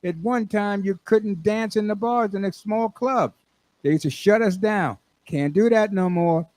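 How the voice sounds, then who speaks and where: A man's voice: high voice, measured pace, darkish tone, no echo. A man hosting a radio show, rambling and laughing at his own jokes. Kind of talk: radio talk and joke telling. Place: radio studio.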